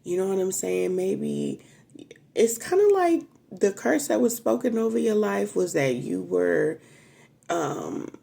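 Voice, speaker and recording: A woman's voice: mid-range voice, lively intonation, measured pace, vocal fry, mellow, husky. A woman giving a casual, emotional tarot reading straight to her viewers, chatting freely and swearing now and then. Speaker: tarot reader.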